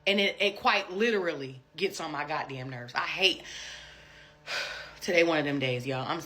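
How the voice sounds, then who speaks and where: A woman's voice: sits low, moderate pace, bright, forceful tone. A woman ranting bluntly and exasperated, swearing often in a casual vlog. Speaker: vlogger ranting. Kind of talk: casual rant.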